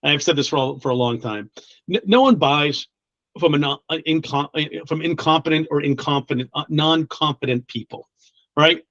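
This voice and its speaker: This guest recruiter chats casually in an interview, speaking bluntly, swearing readily, and laughing often between his many restarts. His voice is fairly high and a bit bright, and the lo-fi recording has no room sound.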